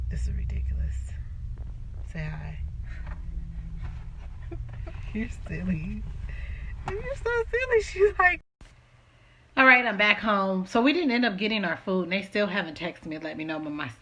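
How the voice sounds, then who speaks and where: A woman's voice: low-pitched, a bit bright, slight background noise. A woman chatting casually to her vlog audience in a rambling, easygoing way, partly from a parked car. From Southern California. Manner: chatty, rambling, exasperated asides. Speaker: vlogger.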